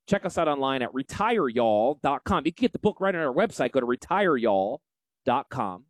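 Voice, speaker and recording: A man with a Yankee accent hosting a financial show, brash and salesy in a folksy promotional pitch. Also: sing-song, fast, no echo. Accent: Northeastern US. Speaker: financial advisor and show host. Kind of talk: promotional radio talk.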